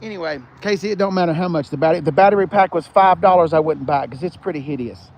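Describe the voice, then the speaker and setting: Talking fast in a slightly high voice, a car show host rambles through a live-streamed walkaround on an outdoor car lot, chatting with viewers as he moves. He films on a phone's front camera.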